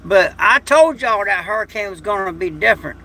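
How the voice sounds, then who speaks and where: High, gravelly man chatting. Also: expressive, a little fast, pushed and bright. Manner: rambling, folksy, emotional. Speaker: livestream host. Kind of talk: casual livestream chat. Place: home at night.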